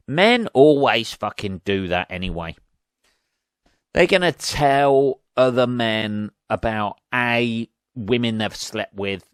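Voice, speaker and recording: A man's voice: lowish voice, clear, resonant tone, no echo, clean studio sound. A man hosting a podcast, rambling through a crude comic monologue and laughing at his own jokes. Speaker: podcast host. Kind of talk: casual comedic monologue.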